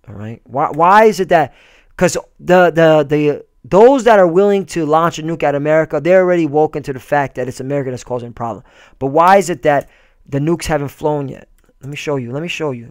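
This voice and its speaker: A man's voice: a little high, fairly quick, clear, resonant tone, no room sound, clean studio sound. Fiery, profane preaching man. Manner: profane, fiery, repeats himself; keeps checking in with "all right?". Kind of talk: street-style sermon with scripture reading.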